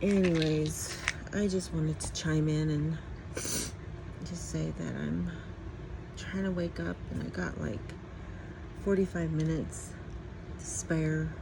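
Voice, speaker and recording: Middle-aged woman vlogging at home on her phone, talks slow, lowish voice, faint household noise around. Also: fairly even intonation, creaky. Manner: rambling, chatty, laughs often. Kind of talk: casual morning vlog chat.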